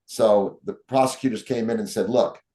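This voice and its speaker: Man, interview guest, lively storyteller, quotes people with a change of voice, average pitch. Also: normal speed. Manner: animated storyteller, acts out quotes.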